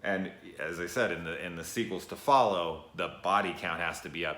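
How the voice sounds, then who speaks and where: A man's voice: sits low, a little fast, few pauses, pushed and bright. A man giving a casual, profanity-laced spoken review of a horror film, rambling with a nervous sniff. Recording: echoey room.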